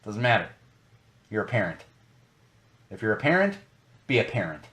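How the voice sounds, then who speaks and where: A young man holds forth on his podcast in a loose, conversational way. His pitch swings widely as he hammers his points home, repeating phrases for emphasis. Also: moderate pace. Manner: animated, emphatic, repeats for stress. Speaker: podcast host. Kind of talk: casual podcast rant.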